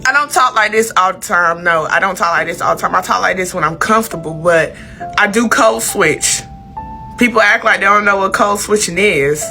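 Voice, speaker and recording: A woman's voice: mid-range voice, moderate pace, sharp tone, soft background music. A young woman from Georgia with a Southern country accent, telling her story candidly to camera in a casual, profane drawl.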